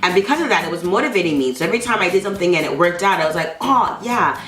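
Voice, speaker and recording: A woman vlogging to her channel, telling the story of her day in a lively, animated way, with sarcastic asides and a pep talk to herself. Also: fairly low pitch, very fast. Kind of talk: casual vlog monologue. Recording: roomy echo with faint background music.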